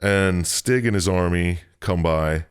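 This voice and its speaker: Very low male voice, podcast co-host, giggly recap with quick silly character voices. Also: clean tone. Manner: laughs often, retells with quick silly voices. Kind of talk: casual chat.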